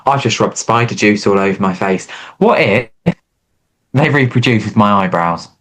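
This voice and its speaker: A man's voice: lowish voice, expressive, moderate pace, fairly bright tone. A young man co-hosting a podcast, telling stories in a playful, self-mocking way. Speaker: podcast co-host. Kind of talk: casual chat.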